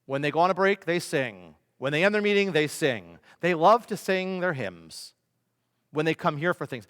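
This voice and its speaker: A man, a pastor, preaching a sermon with emphatic delivery, rhetorical questions and swings between loud and soft. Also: a little high, very animated, moderate pace. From United States. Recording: long reverb of a large hall.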